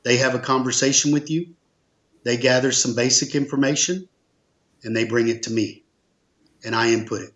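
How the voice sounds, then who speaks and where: An insurance agency owner tells stories in a conversational interview, earnest and emphatic, repeating phrases for stress. His medium-pitched, fairly bright voice keeps fairly even intonation at a normal speed, pausing often.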